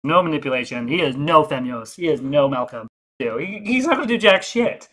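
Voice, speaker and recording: A man's voice: on the high side, lively intonation, a little fast, pushed and bright. A man streaming casually, mocking and sarcastic, swearing freely as he talks. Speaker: streamer being reacted to. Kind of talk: casual livestream reaction.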